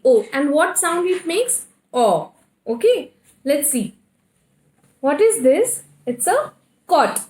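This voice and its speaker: A woman with an Indian English accent teaching a kindergarten phonics lesson, spelling words out letter by letter and answering her own questions. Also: high voice. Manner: slow, spells letters one by one, asks and answers herself. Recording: echoey room.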